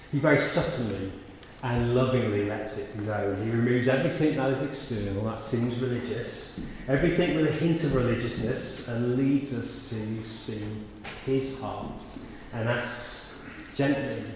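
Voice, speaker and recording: A man's voice: medium pitch, unhurried, darkish tone, slight background noise. A man giving a sermon in a church, preaching conversationally and sometimes rising to sudden emphatic peaks. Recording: echoey church hall with faint ambience.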